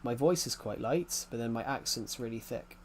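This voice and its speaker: A man's voice: mid-range voice, normal speed, a little mellow, a little hiss or hum. A man with an English accent rambling in casual chat as a gaming YouTuber, often restarting his sentences. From United Kingdom. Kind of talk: casual chat while playing a game.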